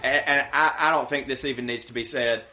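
A man co-hosting a casual sports podcast, rambling and swearing as he tells animated stories. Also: medium pitch, a little fast, faint music behind. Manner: rambling, profane, animated storytelling. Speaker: podcast co-host. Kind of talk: casual chat.

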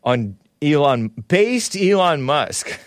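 A man's voice: on the high side, very animated, slow, no echo, clean studio sound. A man hosting a call-in talk show, rambling and laughing as he reads comments and takes calls. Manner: rambling, laughs often, restarts mid-sentence.

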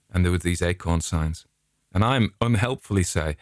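A middle-aged Englishman vlogs a chatty, rambling monologue of anecdotes full of digressions. His voice sits low, with lively intonation and a brisk pace. The sound is studio quality, with no echo.

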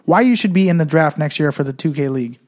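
A man's voice: on the high side, lively intonation, darkish tone. A man co-hosting a casual sports podcast, running the topics and wrapping up the episode. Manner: wraps up the show, quick and chatty. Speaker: podcast co-host. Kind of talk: casual chat.

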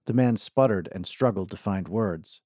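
A male audiobook narrator with a low, dark voice reads a scripted narration at normal speed. The recording is dry and clean, with studio quality.

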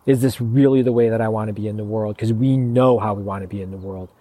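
A man's voice: fairly low pitch, steady tone, quick pace, mellow, no room sound, poor audio. A man coaching in a motivational monologue, blunt and profane, pressing his points with urgent, pleading emphasis. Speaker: men's coach.

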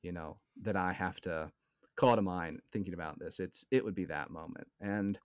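A man's voice: deep voice, moderate pace, clear, resonant tone, no echo, studio quality. A man in a casual film discussion, speaking earnestly and often checking in with his listener. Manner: earnest, keeps checking in with "right?". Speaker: podcast co-host.

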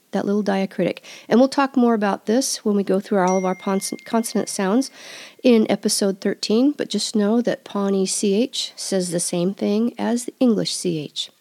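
A middle-aged woman teaches vocabulary on her own lesson podcast. Her voice is warm and mellow, never bright or sharp. She says each word slowly and carefully, then repeats it for listeners. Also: mid-range voice. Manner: slow careful repetition of words. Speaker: language teacher and podcast host.

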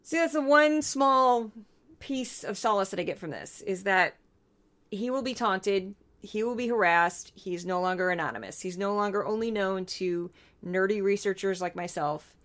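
A young adult woman talks through her own podcast alone, blunt and indignant, with a medium-pitched voice. She slips in dry, sarcastic asides as she talks. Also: moderate pace, a bit bright. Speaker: podcast host. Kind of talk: solo podcast commentary.

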